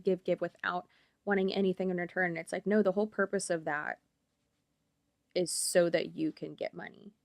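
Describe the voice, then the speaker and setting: Blunt, opinionated woman commentator. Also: on the low side. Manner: blunt, opinionated, rambling with many fillers. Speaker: commentary YouTuber. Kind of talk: reaction commentary.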